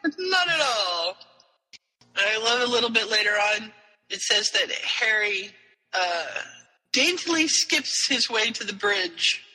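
High-voiced guy recapping a story on a podcast, super bright tone, lots of reverb in the room. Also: unhurried. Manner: animated retelling with quoted voices. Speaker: podcast co-host. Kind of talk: casual chat recapping a story.

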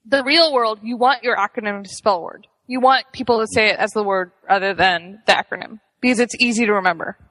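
A woman's voice: mid-range voice, a little fast, hardly any pauses, a bit bright, long reverb tail, low-quality recording. A woman co-hosting a podcast in casual chat, chatty, laughing often and restarting sentences. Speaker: podcast co-host.

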